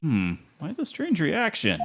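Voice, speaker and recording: A woman's voice: low-pitched, huge pitch swings, measured pace, background noise, full character voice. A woman voicing an earnest but sarcastic young male defense lawyer in a playful game voice-over. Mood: snarky. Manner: dry, sarcastic asides. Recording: stream audio over loud game music.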